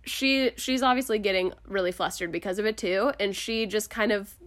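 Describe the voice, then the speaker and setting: A woman casually recapping a film plot to friends, as an animated storyteller. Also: mid-range voice, moderate pace.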